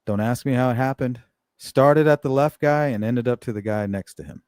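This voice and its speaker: A man's voice: medium pitch, moderate pace, darkish tone, clear, resonant tone, no room sound, studio quality. A middle-aged man hosting a casual live chat, blunt and profane, laughing often as he reads comments. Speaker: livestream host reading chat.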